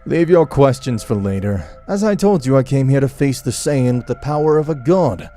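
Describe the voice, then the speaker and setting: A man's voice: medium pitch, expressive, moderate pace, dark tone, faint music behind, lightly acted. A man voicing a proud, haughty god of destruction with a commanding manner.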